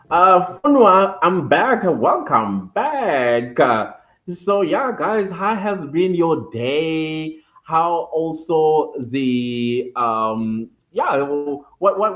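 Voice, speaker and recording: A man hosts a casual livestream, talking slowly and at a middling pitch. He laughs often and thanks his viewers one by one. The sound is a bit dull and lo-fi. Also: fairly bright tone. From South Africa. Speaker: livestream host.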